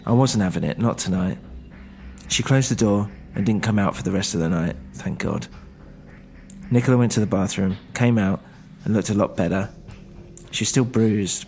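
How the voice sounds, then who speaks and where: A man's voice: on the low side, normal speed, vocal fry, a little mellow, slight background noise. A man narrating a first-person story, a little hesitant at times.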